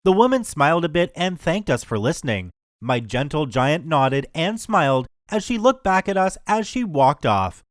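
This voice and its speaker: Lively man narrating a story. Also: a little high, normal speed, hardly any pauses, no echo, studio quality. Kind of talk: scripted narration of a reddit story.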